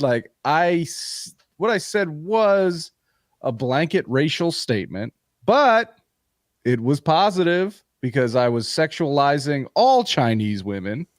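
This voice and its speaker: A man hosting a comedy podcast, telling a story in a profane, animated, ranting way. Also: a little high, no echo, studio quality. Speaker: podcast host.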